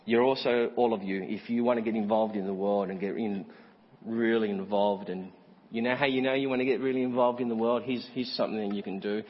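A man preaching a sermon as pastor, asking the congregation direct questions and swinging from high emphatic peaks to quiet asides. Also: fairly even intonation, a little fast. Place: church. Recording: muffled church sermon recording with long reverb.

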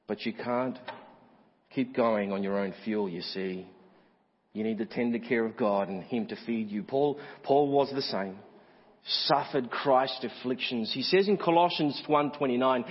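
Husky guy preaching in a church, dull muffled recording with long reverb, goes big and loud then drops quiet. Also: normal speed. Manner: rises to high emphatic peaks, then drops to quiet asides; asks the congregation direct questions. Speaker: pastor. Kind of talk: sermon.

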